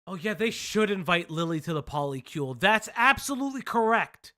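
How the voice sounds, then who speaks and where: A man's voice: high-pitched, expressive, fairly quick, bright, forceful tone. A man hosting a casual commentary stream, rambling, laughing often and swearing.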